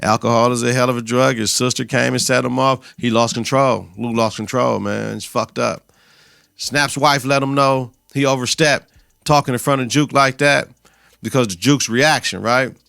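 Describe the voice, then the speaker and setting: Male podcast host with a bright, edgy voice, casual and profane, recorded dry and close. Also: medium pitch, fairly even intonation, moderate pace, creaky, no echo. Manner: loose, slangy, profane storytelling. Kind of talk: casual episode recap.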